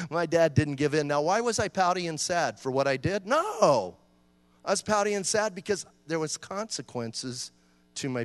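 A middle-aged man preaching a sermon in a lively, conversational way, joking and acting out voices. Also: fairly high pitch, no room sound, big-room sound. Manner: animated, conversational preaching with jokes and acted-out voices. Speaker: pastor.

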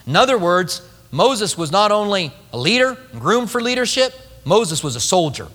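A male pastor preaching a sermon, telling a story with lively acted-out quotes. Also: high voice, normal speed, long reverb tail.

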